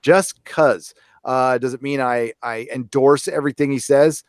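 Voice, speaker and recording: A man's voice: mid-range voice, flat delivery, moderate pace, a little mellow, clear, resonant tone, no echo, clean studio sound. A middle-aged man co-hosting a casual live stream, rambling and repeating his key words for emphasis. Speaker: co-host reading viewer super chats.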